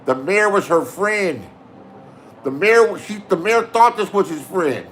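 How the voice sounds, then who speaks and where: A man's voice: high-pitched, expressive, a little slow, fairly bright tone, slight background noise. A man telling a profane story in a boastful rant, swearing and insisting that what he says is the truth. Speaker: online show host.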